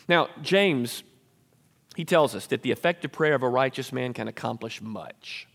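A pastor preaching an earnest sermon, sometimes acting out selfish prayers in a raised voice. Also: male voice, sits high, lively intonation, normal speed, vocal fry, big-room sound.

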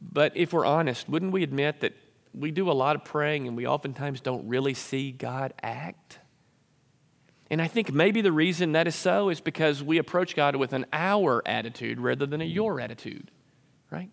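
A pastor preaching an earnest sermon, sometimes acting out selfish prayers in a raised voice. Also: male voice, on the high side, moderate pace, vocal fry, big-room sound.

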